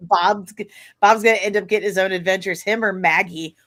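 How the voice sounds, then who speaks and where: A woman hosting a podcast, chatting in a quick, excitable way and laughing often. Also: mid-range voice. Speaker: podcast host. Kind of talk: casual podcast chat.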